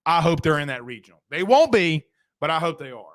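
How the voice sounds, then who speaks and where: A man hosting a casual sports talk show, emphatic and quick, reading viewer comments aloud and ribbing his co-host. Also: fairly high pitch, big pitch swings, a bit bright, dry recording, clean studio sound.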